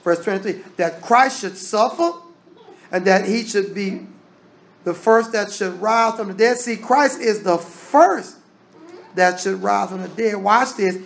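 A man's voice: high-pitched, unhurried, gravelly. A man teaching a Bible study. He reads scripture aloud and explains it in plain, casual talk. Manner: casual Southern American grammar.

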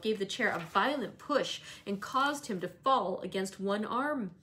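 A woman reading a novel aloud in a steady, even narration. Her voice sits at a middling pitch, and she pauses now and then to correct herself. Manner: steady, with occasional self-corrections. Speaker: read-aloud reader.

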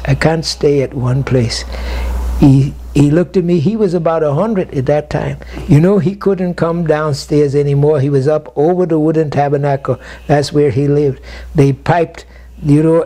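A man's voice: fairly high pitch, warm tone. An older man, a bishop, telling stories in an interview and peppering nearly every phrase with "praise God, my God.". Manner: constant refrains of "praise God, my God". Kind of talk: storytelling interview.

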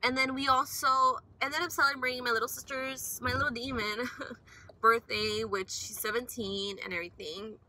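Bright, high young woman vlogging. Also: steady tone, moderate pace, poor audio. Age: young adult. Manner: emotional, rambling, swings from upbeat to frustrated. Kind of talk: casual vlog while driving. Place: in a car.

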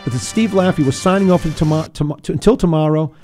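A man's voice: a little high, very fast, warm tone, faint music behind. A man hosting a political talk radio show who speaks in an earnest, restless way and repeats words when he pushes a point. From Rhode Island.

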